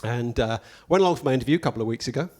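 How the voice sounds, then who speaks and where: A man doing a stand-up comedy routine, telling stories in a deadpan, mock-pompous way with dry asides. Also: mid-range voice, very fast.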